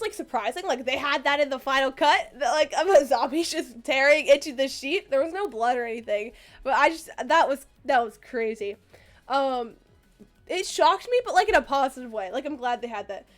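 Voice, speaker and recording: A young woman streamer chatting casually, rambling and excitable, with lots of fillers and restarts, getting a little choked up. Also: high-pitched. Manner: gets choked up and emotional.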